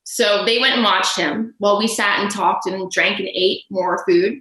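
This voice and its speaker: A woman's voice: mid-range voice, steady tone, normal speed, bright, forceful tone. A woman guest telling rambling anecdotes in casual chat, with lots of fillers. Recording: echoey room.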